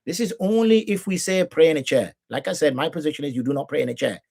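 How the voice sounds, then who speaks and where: Husky-voiced middle-aged male teacher. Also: fairly high pitch, fast, darkish tone. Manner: argumentative, asks rhetorical questions, mimics people he corrects. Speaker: Islamic jurist teaching. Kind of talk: live teaching talk on prayer rulings.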